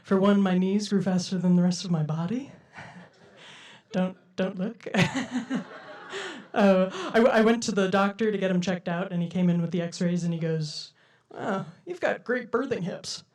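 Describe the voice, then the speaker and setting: A woman's voice: lowish voice, little pitch movement, normal speed, darkish tone, distant mic. A young woman performing a stand-up comedy set for a live audience, with a playful, giggly delivery and frequent laughs.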